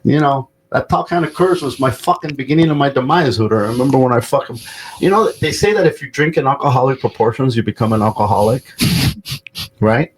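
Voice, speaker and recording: A man's voice: mid-range voice, animated, fairly quick, slight background noise, low-quality recording. A man hosting a podcast, telling stories in a loose, profane, casual way with plenty of fillers. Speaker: podcast host.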